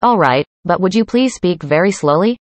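Woman reading practice dialogues, low voice. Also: lively intonation, normal speed, dry recording. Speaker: dialogue reader. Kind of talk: scripted conversation practice.

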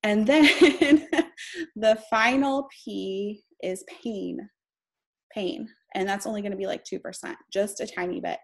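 A woman's voice: mid-range voice, takes it slowly, vocal fry. A young woman mentoring on a live stream, chatty and heartfelt, laughing between phrases. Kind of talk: casual live-stream teaching.

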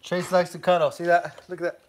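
A man's voice: high-pitched, level tone, brisk. A man chatting casually on a live stream from his phone, calling to his dogs and laughing with viewers.

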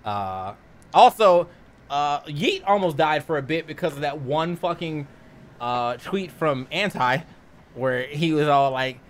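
A man co-hosting a casual gaming podcast, teasing his friends in an animated, profane way. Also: a little high, unhurried. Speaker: podcast co-host, commentator. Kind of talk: casual chat.

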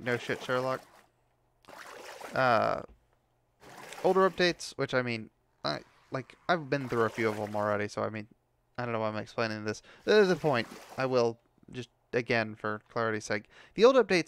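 Gameplay streamer, young man, gravelly, mid-pitched, swears freely when annoyed. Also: fairly bright tone, slight background noise. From United States. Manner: frustrated ranting, heavy swearing. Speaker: gameplay commentator. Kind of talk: casual gameplay commentary.

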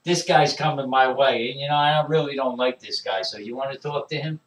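A man hosting a comedy show, teasing his guests in rapid-fire improvised banter and repeating himself for laughs. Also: medium pitch, fairly bright tone. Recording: echoey room, voice far from mic.

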